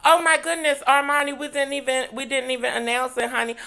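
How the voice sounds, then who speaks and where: A woman's voice: high-pitched, little pitch movement, quick pace, sharp tone. A woman co-hosting a casual podcast, sassy and profane, calling everyone "honey" as she chats. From United States. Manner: sassy, says "honey" constantly, swears freely. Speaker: podcast co-host.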